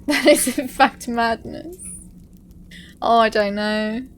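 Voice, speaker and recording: A woman's voice: on the high side, slow, slight background noise. A woman streaming a game live, chatting and laughing with her viewers. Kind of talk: casual live-stream chat.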